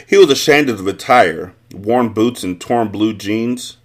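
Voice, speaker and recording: A man hosting a book podcast, reading a novel aloud with expressive, animated storytelling. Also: lowish voice, measured pace.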